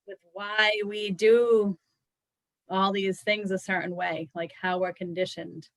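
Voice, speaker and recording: A woman's voice: medium pitch, flat delivery, takes it slowly, no room sound, rough recording. A woman co-hosting a casual chat about yoga, thoughtful, often restarting her sentences and saying "like". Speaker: yoga teacher co-host.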